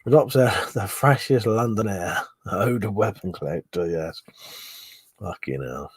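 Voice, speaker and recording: A man hosts a rambling live stream while tipsy, laughing often and swearing freely as he chats with viewers. His voice sits fairly low with a husky edge. The sound is close and dry. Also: a little slow, no echo. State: drunk. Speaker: livestream host. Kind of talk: casual live chat reading viewer comments.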